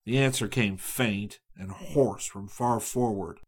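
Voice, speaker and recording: A man reading a travel story aloud in measured audiobook narration. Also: on the low side, breathy edge.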